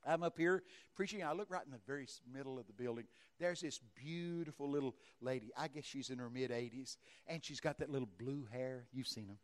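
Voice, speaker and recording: A man preaching a sermon, telling stories in a lively way, acting out the dialogue and breaking into shouts. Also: mid-range voice, brisk. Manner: animated, acts out dialogue and shouts in bursts of excitement. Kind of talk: sermon storytelling.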